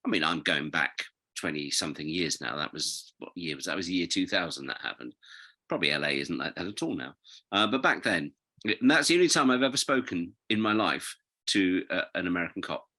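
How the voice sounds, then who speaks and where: Rambling British man, bright voice. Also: sits low, brisk. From Britain. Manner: rambling, animated storyteller, goes off on tangents. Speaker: guest. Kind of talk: casual interview chat.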